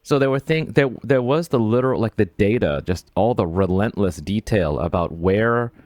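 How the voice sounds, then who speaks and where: A man's voice: lowish voice, moderate pace, no room sound. Exasperated man telling a story. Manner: animated storytelling, exasperated, frequent restarts and laughs. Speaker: podcast co-host. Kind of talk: casual book discussion.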